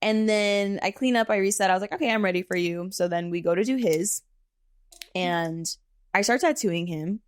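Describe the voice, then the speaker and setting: A woman in her thirties, a tattoo artist, chatting casually on a podcast and telling stories in an animated way, often saying "like" and "okay?". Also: mid-range voice, moderate pace, clear, resonant tone, no echo. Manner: animated storyteller, frequent "like" and "okay?". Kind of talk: casual podcast chat, storytelling.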